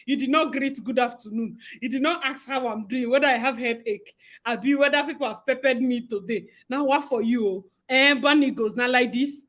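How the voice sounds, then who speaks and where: Young Nigerian woman, livestream host; high, bright, chatty, quick to laugh. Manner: chatty, greets viewers by name, laughs often. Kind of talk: casual live-stream chat.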